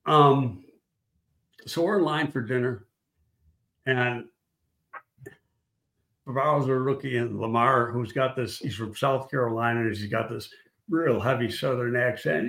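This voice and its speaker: A man's voice: mid-range voice, a little slow, creaky, pauses often, fairly bright tone, reverberant. An older man, a guest in a casual chat, telling blunt, rambling football stories with swearing and restarts. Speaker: guest, former football scout.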